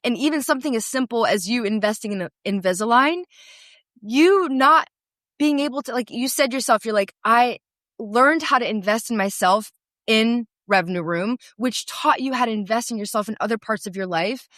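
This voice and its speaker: A woman's voice: fairly high pitch, moderate pace, fairly bright tone, dry recording, studio quality. A woman sales coach hosting a podcast interview, affirming and encouraging her guest. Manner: affirming, encouraging, frequent agreement.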